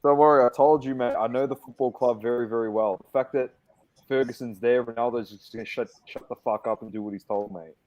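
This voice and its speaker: A man's voice: medium pitch, fairly even intonation, fairly quick, highs cut off. A man co-hosting a football watch-along stream, cheeky and opinionated, swearing freely in casual banter.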